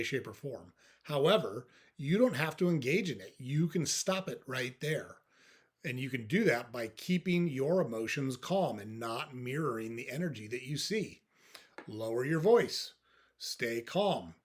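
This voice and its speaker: A male host talking straight to his audience in a calm, even, coaching tone. His voice sits at an ordinary middle pitch. He often pauses to check in with a quick "okay?" or "right?". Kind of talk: advice talk to camera.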